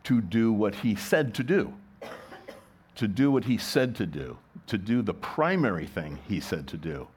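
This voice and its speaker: A middle-aged pastor with a slightly low voice preaches conversationally, asking questions, restarting sentences and circling back to his point. His delivery is sing-song and measured, with a darkish tone, and there's a little hiss or hum.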